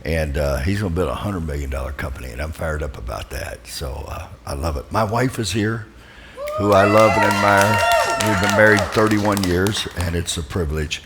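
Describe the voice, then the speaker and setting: A man's voice: sits low, normal speed, very noisy. A man in his fifties giving upbeat, enthusiastic opening remarks to a church audience, greeting people in the crowd. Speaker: church speaker. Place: church hall, live audience.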